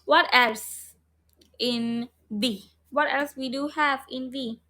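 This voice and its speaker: Slow, bright-voiced phonics teacher woman. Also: high voice. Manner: slow, repeats sounds and prompts students. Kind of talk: online phonics lesson. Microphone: online class, video call.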